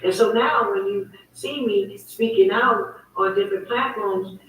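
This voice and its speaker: A woman's voice: mid-range voice, unhurried. Woman host, emphatic and repetitive monologue; distant mic, echoey room, faint noise. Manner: emphatic, repetitive, heated storytelling. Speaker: host of her own online talk show. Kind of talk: casual livestream monologue.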